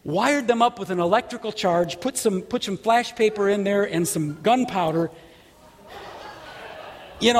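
High-voiced, gravelly preacher man. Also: big-room sound. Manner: animated, shouts at story peaks. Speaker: pastor. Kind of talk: sermon with storytelling.

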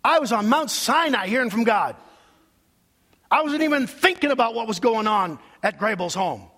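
A high-pitched, husky male pastor preaches with lively, swooping intonation, his voice ringing through a large church sanctuary with long reverb. He tells his story with great emotion, dropping to soft asides and then rising to loud cries. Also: normal speed. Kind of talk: sermon.

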